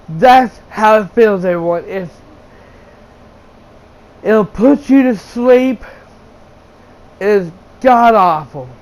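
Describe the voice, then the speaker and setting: High-voiced man ranting a blunt review. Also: darkish tone, poor audio. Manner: exasperated, blunt and profane. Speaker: video game channel host reviewing a movie.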